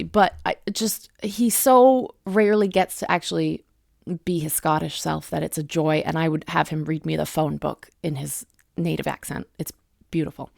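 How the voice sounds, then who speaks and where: A chatty young woman reviews books in a casual, effusive way. She talks with lots of fillers and restarts, at a middling pitch. Her voice sounds close and dry. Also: creaky, no echo. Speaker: book reviewer. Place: home room with bookshelves.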